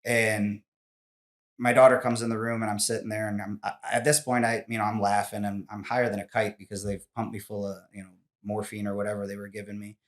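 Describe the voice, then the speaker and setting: A man's voice: on the low side, little pitch movement, a little fast. A man in his forties, a podcast guest, telling a personal story in casual interview talk, candid and emotional, with many restarts.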